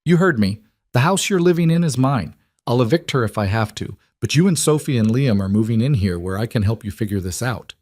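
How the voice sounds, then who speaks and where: A man's voice: medium pitch, lively intonation, brisk, few pauses, a little mellow, no room sound, natural voice. A man reading a story voices a firm, protective older mother who speaks steadily and plainly.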